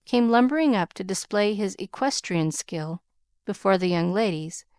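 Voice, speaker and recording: A woman narrating a classic novel as an audiobook in a measured, even reading. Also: mid-range voice, smooth, dry recording, studio quality.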